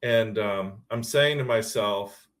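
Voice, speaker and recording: Man, podcast guest, low voice, animated storyteller who laughs easily. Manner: lively storytelling, quick to laugh. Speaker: guest, pickleball club founder. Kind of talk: casual podcast chat.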